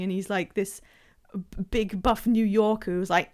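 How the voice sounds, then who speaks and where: A woman's voice: medium pitch, steady tone, normal speed, clean tone. A woman streamer chatting casually while playing a game, rambling with many fillers and restarts.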